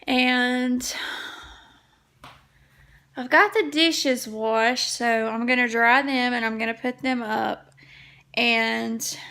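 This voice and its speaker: A woman's voice: a little high, vocal fry, fairly bright tone. A woman, chatting to viewers in a casual home cleaning vlog and telling a story from her kitchen. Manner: chatty, tells stories to viewers. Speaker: vlogger.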